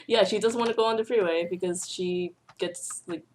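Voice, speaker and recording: A woman's voice: on the low side, fairly even intonation, measured pace, darkish tone, a little hiss or hum. A young woman hosting a casual chat while playing a video game, telling stories and laughing often. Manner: giggly, laughs often between storytelling. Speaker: channel host.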